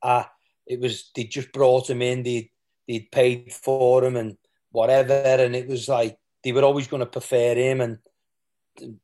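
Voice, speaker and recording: Recalling his playing days as an interview guest, an English ex-player speaks candidly and rambles, with restarts and quoted asides. His medium-pitched voice is mellow, a little slow and shows little pitch movement.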